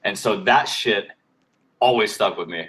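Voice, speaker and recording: A man's voice: fairly low pitch, measured pace, fairly bright tone, husky, low-quality recording. A man co-hosting a podcast, telling stories in casual, rambling, profane chat full of fillers. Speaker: podcast co-host. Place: worked in Vegas.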